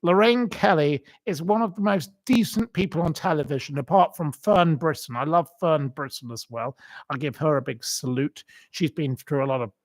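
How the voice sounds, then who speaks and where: A man's voice: fairly high pitch, normal speed, no room sound. A man hosting his own commentary channel, talking in a theatrical, indignant monologue with exaggerated swoops of emphasis. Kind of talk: opinionated monologue.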